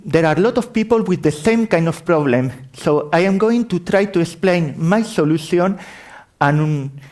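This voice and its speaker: A man's voice: sits high, expressive, normal speed, a little mellow. A middle-aged man from Spain with a Spanish accent tinged with French, giving a tech conference talk, often correcting himself as he explains. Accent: Spanish, with French influence. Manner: apologetic, self-correcting, explanatory. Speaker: conference speaker. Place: conference hall.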